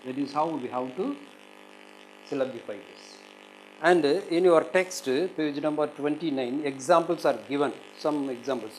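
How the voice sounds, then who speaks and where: A man's voice: a little high, moderate pace, a little hiss or hum, rough recording. A male English teacher with an Indian English accent gives a recorded lesson, saying each word several times and leaning on the stressed syllable. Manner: drills words by repeating them several times, stressing syllables. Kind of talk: recorded exam-prep lesson.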